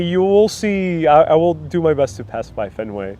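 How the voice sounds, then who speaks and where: A man's voice: a little high, big pitch swings, moderate pace, few pauses, dark tone, muffled recording. Chatty New York man live-streaming outdoors. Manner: chatty, rambling, with frequent fillers and restarts. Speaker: vlogger hosting a live stream. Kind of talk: casual live-stream chat, answering viewer comments.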